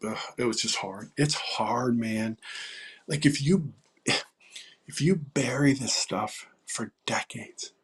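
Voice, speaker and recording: Speaking as a guest in a casual interview, this sixty-something songwriter halts through his anecdotes with fillers and drops to a whisper for quoted lines. He has a medium-pitched, fairly bright, husky voice.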